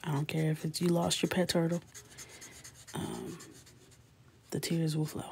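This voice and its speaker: A woman's voice: deep voice, little pitch movement, unhurried, vocal fry, a little hiss or hum. A woman in her thirties hosting a live coloring stream, chatting casually and laughing with viewers, often dropping to a whisper. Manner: soft-spoken, often drifting into a whisper. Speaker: coloring livestream host.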